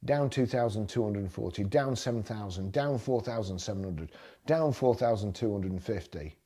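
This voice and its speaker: A man's voice: on the low side, normal speed, warm tone, husky. Blunt man ranting over listings. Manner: exasperated, blunt, repeats himself when riled. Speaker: motoring vlogger. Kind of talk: screen-browsing commentary and rant.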